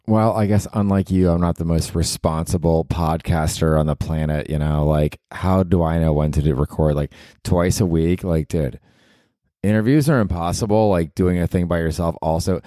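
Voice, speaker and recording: A man's voice: low-pitched, normal speed, warm tone, no room sound, clean studio sound. A man in his forties hosting a solo comedy podcast, rambling with lots of likes and you knows. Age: 40s. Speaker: podcast host.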